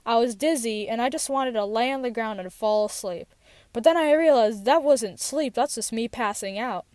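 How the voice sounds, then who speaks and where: A woman's voice: a little high, moderate pace, darkish tone, smooth, no echo. A teenage girl telling a personal story in a rambling, casual way, with many fillers and restarts, recorded in a parked car. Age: teens. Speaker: podcast host.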